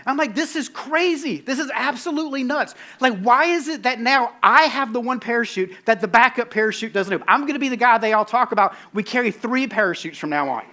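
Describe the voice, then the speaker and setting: A man preaching a sermon, telling a story in an animated, self-mocking way and acting out his own panic. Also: very high voice, quick pace, few pauses. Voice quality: bald-headed, bearded. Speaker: pastor.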